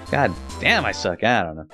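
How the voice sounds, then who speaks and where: Brief: young guy, lively swearing let's play voice, game music underneath. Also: mid-range voice, poor audio. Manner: loose, profane, laughing asides. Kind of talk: casual gameplay commentary.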